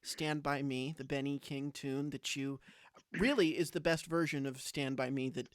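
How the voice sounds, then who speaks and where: A man's voice: mid-range voice, fairly even intonation, moderate pace, clean tone, no echo, clean studio sound. A man hosting a podcast interview, affirming his guest and prompting with questions. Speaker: podcast host.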